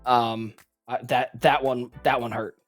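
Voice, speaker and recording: A co-host chatting casually on a live stream, rambling and animated, swinging between excited outbursts and quiet asides. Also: mid-range voice, a little slow, no echo, soft background music.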